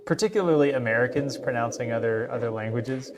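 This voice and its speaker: A man's voice: mid-range voice, fast talker, over a noisy crowd. A man chatting casually with friends, rambling through a story and laughing often. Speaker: podcast host. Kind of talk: casual chat.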